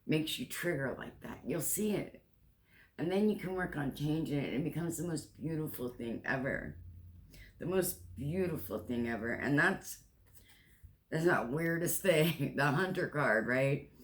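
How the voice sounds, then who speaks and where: A man in his sixties giving a spiritual tarot reading, earnest and emotional, often repeating and restarting phrases. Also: on the high side. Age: 60s. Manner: emotional, tearful at times, earnest and encouraging. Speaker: tarot reader. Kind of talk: spiritual card reading monologue.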